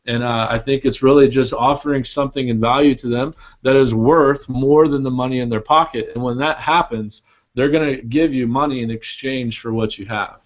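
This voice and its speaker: A man's voice: mid-range voice, moderate pace. Rambling male host on muffled audio. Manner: casual, rambling questions with many "like" fillers. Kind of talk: casual group call. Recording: dull lo-fi audio.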